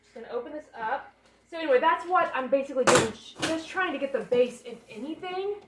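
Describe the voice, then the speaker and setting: A woman's voice: high voice, animated, fast. Chatty young woman in a roomy bedroom. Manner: chatty and rambling, thinks aloud while unpacking. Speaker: vlogger. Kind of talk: casual vlog chat. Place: bedroom of an apartment. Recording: roomy sound, camera a bit far off. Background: portable air conditioner hum.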